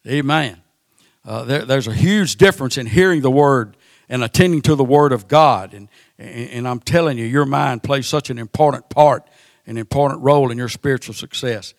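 A man delivers a sermon at a middling pitch. He often repeats words and fills gaps with "uh" as he builds his points. The recording is dry and close, with little room sound. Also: no room sound. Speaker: preacher.

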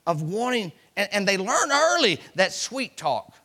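A man's voice: sits high, very animated, unhurried, sharp tone. A middle-aged man preaching a sermon in a folksy storytelling way, acting out voices and repeating words for effect.

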